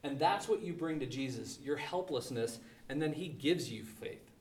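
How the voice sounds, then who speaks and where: A man's voice: mid-range voice, animated, moderate pace, roomy sound, distant mic. A male pastor preaching a sermon in an emphatic, conversational way, full of rhetorical questions.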